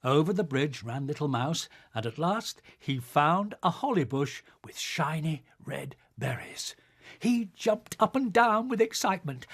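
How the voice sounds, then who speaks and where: An older man reading a children's bedtime story aloud in a slow, expressive storytelling manner. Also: on the high side.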